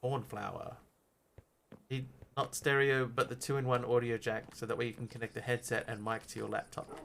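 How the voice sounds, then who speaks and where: A man's voice: medium pitch, level tone, normal speed, gravelly, fairly bright tone, slight background noise. A man streaming a game live, chatting casually, thinking aloud and answering his viewers as he plays.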